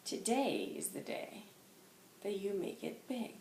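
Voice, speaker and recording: A woman's voice: medium pitch, unhurried, vocal fry, a little mellow, reverberant, a little hiss or hum. A woman relaying a wise old spirit guide. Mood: solemn. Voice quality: formal, archaic phrasing.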